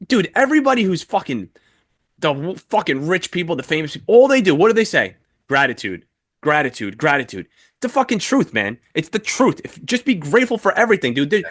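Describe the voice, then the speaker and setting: Podcast co-host, male, animated and profane, slightly high voice, dry mic. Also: no echo. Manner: animated, heavy swearing, storytelling. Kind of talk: casual chat.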